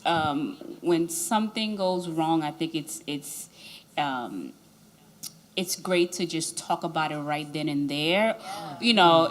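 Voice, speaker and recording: A woman speaking as a panelist in a church discussion, hesitant, with many pauses and restarts. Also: on the low side, a bit bright, a little hiss or hum.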